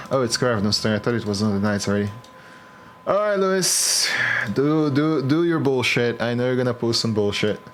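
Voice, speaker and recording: A man's voice: mid-range voice, lively intonation, normal speed, a little hiss or hum. A man running a tabletop game as game master, who swears freely, teases his players and laughs often.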